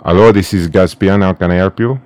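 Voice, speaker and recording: A man's voice: sits low, steady tone, brisk, a little mellow, soft background music, close to an everyday voice. A man playing an abusive call-center supervisor in a prank call, swearing freely and speaking in broken English. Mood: confused, formal. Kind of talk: prank call role-play.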